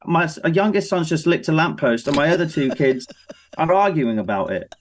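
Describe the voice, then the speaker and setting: A man in his thirties with an English accent, a guest musician on a casual interview, telling lively stories and acting out his family's voices. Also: a little high, moderate pace, a little hiss or hum. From England.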